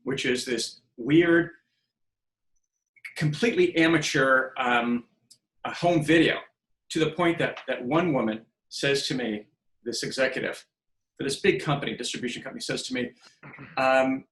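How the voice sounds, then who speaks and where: A man's voice: medium pitch, moderate pace, pauses often, echoey room, low-quality recording. A man in his fifties, a podcast guest telling stories casually and acting out the dialogue he quotes. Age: 50s. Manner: animated storyteller who acts out quoted dialogue. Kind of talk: casual storytelling interview.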